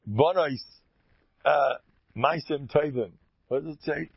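A man's voice: fairly high pitch, slow pace, creaky, slight background noise. A man giving an informal, emphatic Torah talk as a teacher, often repeating phrases for stress. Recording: dull lo-fi dry recording.

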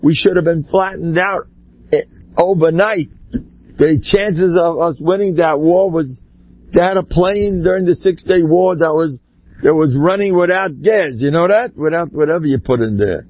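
An older man giving an animated religious talk, full of Hebrew and Yiddish words, swinging from low murmurs to high cries. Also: normal speed, dry recording, muffled recording. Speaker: speaker giving a Torah talk.

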